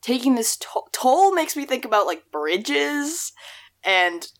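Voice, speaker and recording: A young woman co-hosts a relaxed podcast, musing over song lyrics in a loose, rambling way. Her voice still carries a rough morning edge. She laughs at herself and wanders off topic. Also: sits high, takes it slowly. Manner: rambling, self-deprecating, laughs often. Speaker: podcast co-host. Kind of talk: casual chat about song lyrics.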